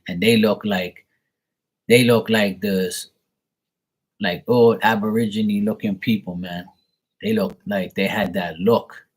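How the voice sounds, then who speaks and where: Brief: low, husky man, rambling and crude, lots of filler words. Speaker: tarot reader. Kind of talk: casual storytelling.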